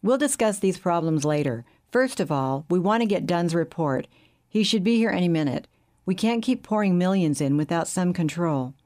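A woman narrating a smooth, assured bank chief who runs a secret meeting in a calm, soothing way. Her voice sits a little low and stays easy and steady. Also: moderate pace, lightly acted. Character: smooth scheming middle-aged male bank chief.

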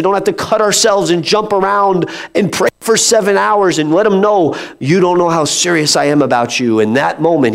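A male pastor preaching an animated, conversational sermon, slipping into playful mock voices. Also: mid-range voice.

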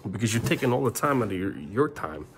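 Middle-aged male vlogger, rambling frustrated rant on a phone mic, gravelly voice, faint noise behind. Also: on the low side, sing-song, fast. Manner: rambling, repeats himself, swears. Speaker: family vlogger.

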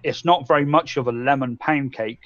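A man's voice: medium pitch, moderate pace, dull audio. An English man co-hosting a casual live-stream chat, rambling and swearing freely as he acts out his own thoughts. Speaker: co-host.

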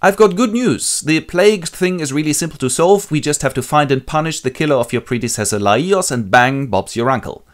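A man voicing an excitable brother-in-law to the king who easily takes offence. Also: on the high side, brisk, hardly any pauses, voice pushed up, natural voice. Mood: upbeat. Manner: indignant, excitable.

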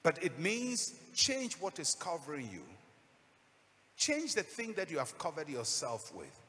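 A man's voice: on the high side, wildly swooping pitch, measured pace, pushed and bright, long reverb tail. A man preaching a sermon as a pastor, telling a story dramatically and acting out the voices.

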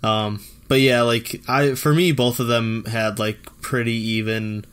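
A man co-hosting a podcast in casual chat, talking in a flat, laid-back way. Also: medium pitch, measured pace, smooth. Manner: calls himself monotone, laid-back, lots of fillers. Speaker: podcast co-host.

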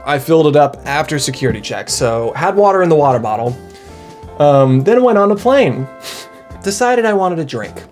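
A man's voice: a little high, sing-song, normal speed, a little mellow, soft background music. Rambling young man vlogging to camera. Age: young adult. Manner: rambling and self-mocking, with frequent laughs and restarts. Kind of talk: casual chat to camera.

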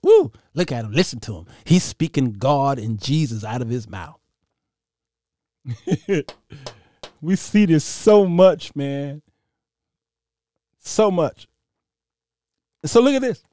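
A man hosting a Bible commentary show, preaching in an animated, mocking way, laughing often and reading scripture aloud. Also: fairly high pitch, takes it slowly, pauses often, no echo, studio quality.

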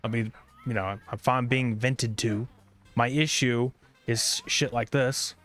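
A man's voice: mid-range voice, fairly even intonation, takes it slowly, a bit bright, faint music behind. Irritable, cursing male game streamer. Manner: irritable, profane, rambling. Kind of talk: casual gameplay streaming commentary.

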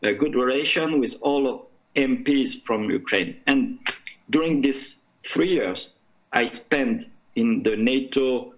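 A man from France with a French accent, speaking as a conference panelist in halting English, searching for words. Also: mid-range voice, lo-fi sound. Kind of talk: panel discussion remarks.

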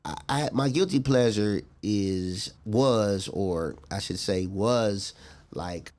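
A middle-aged man talking earnestly as a guest in a casual interview, reflective and quick to laugh. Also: lowish voice, darkish tone.

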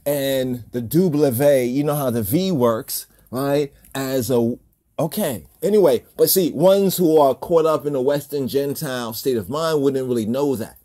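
A man's voice: mid-range voice, a little slow, mellow. A man hosting a religious video, talking in a casual monologue full of repeated rhetorical questions and chuckles.

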